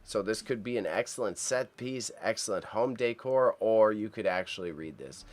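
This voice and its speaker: A man with a lowish, animated voice speaks at a moderate pace. He's hosting a relaxed, upbeat livestream, chatting with viewers and reacting to auction items as he reads the names aloud and trips on the tricky ones.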